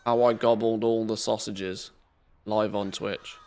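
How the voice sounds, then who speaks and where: A man's voice: fairly low pitch, little pitch movement, measured pace, a little mellow. A man chatting loosely and joking as he streams a game, swearing now and then. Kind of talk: casual live-stream commentary.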